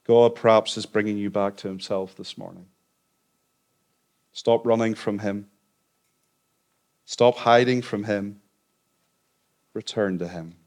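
A man's voice: fairly low pitch, fairly even intonation, takes it slowly, pauses often, a little mellow. A man pastor delivers a Sunday sermon in a mid-range voice. He is earnest and conversational. He breaks in with light, self-deprecating humor.

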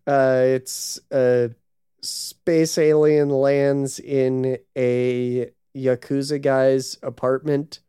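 A man co-hosting a casual podcast chat, explaining things in a relaxed, amused, drawn-out way. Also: mid-range voice, clean tone, no room sound, studio quality. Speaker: podcast co-host. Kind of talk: casual chat about anime.

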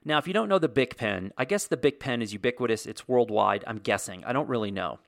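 A man's voice: mid-range voice, lively intonation, fast, vocal fry, no room sound. Wry man telling stories, dry sound. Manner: wry, sarcastic storytelling with comic exaggeration. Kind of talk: casual solo monologue.

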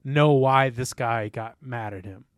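A man's voice: mid-range voice, unhurried, clear, resonant tone, no room sound, clean studio sound. A young man co-hosting a podcast, telling a casual, rambling story full of "like" and swearing. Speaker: podcast co-host.

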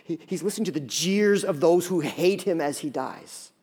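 A middle-aged man preaching a sermon as pastor, dramatic and often dropping to a hushed tone. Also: fairly high pitch, normal speed, slightly rough. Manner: dramatic, acts out quoted voices, drops to hushed tones.

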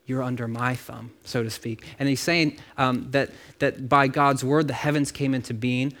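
A man's voice: medium pitch, steady tone, moderate pace, a bit bright. A man delivering a sermon in a loose, conversational manner. He talks directly to his listeners, breaks off into asides and repeats words as he thinks aloud. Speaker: pastor.

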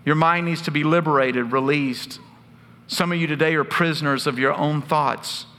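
A pastor delivers his sermon earnestly and drops in wry humor. His bright, somewhat high voice carries a forceful edge. A long hall reverb trails every phrase. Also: fairly even intonation, normal speed. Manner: earnest storytelling preacher with asides of humor.

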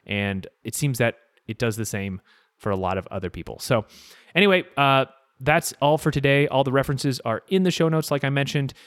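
A man in his thirties hosting a solo podcast, talking in a relaxed, reflective way with frequent fillers and restarts. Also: medium pitch, fairly quick. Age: 30s. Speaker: podcast host. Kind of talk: casual solo podcast talk.

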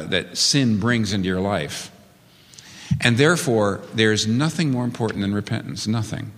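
Lively, low-voiced male preacher in a hall. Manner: earnest, emphatic preaching with rising emphasis. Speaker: pastor. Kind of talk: sermon.

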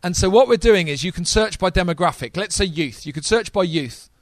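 A man preaching a sermon to a live congregation, energetic and talking straight to the audience. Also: high voice, fairly quick, no room sound.

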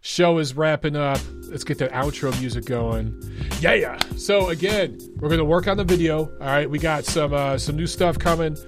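A man's voice: a little high, moderate pace, music in the background. A man hosting a call-in show, laid-back and joking with callers and chat. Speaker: talk show host.

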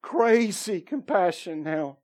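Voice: medium pitch, lively intonation, takes it slowly, darkish tone. A preacher giving a sermon testimony, telling a story with repeated phrases and acting out what each person said.

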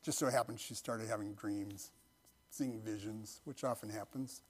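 A middle-aged man, a pastor, telling a personal story in a sermon and then leading a slow, earnest prayer, often dropping to a hushed voice. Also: lowish voice, fairly even intonation, husky. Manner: soft-spoken, intimate storytelling that drops to near-whispers.

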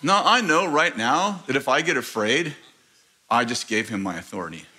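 Animated and forceful, a man with a bright, medium-pitched voice preaches at a normal speed. He's an American pastor in a large church auditorium, spinning a story with laughter and performing the voices of those involved.

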